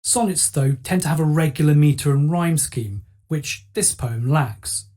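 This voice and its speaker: Woman, teacher narrator, soft mellow tone with a husky edge, clear explanatory delivery. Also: low voice, measured pace. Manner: clear explanatory, rhetorical questions. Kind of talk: scripted lesson narration.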